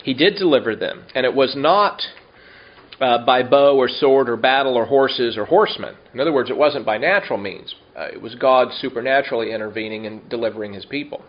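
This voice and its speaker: A man's voice: medium pitch, dull audio. Man teaching a Bible study, chatty. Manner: explains Hebrew words slowly, with asides and questions to listeners.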